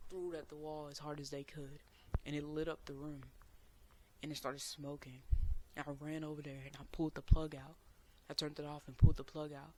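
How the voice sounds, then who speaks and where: A young man earnestly telling a personal story as a vlogger, sometimes bursting out loud. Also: on the high side, slight background noise. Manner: earnest, emotional retelling with loud outbursts.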